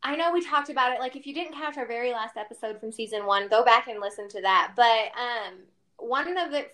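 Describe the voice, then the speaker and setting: A woman's voice: on the high side, a little fast, bright, forceful tone. A woman co-hosting a podcast in casual chat, talking freely with many fillers. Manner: chatty, laughs between words, many fillers. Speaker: podcast co-host.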